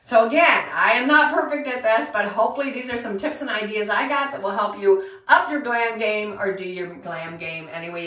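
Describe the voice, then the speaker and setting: A woman's voice: on the high side, a bit bright. Woman, chatty live makeup tutorial host, a bit distant from the mic, echoey room. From Pennsylvania. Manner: chatty, greets viewers by name. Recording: roomy echo, voice a bit far from mic.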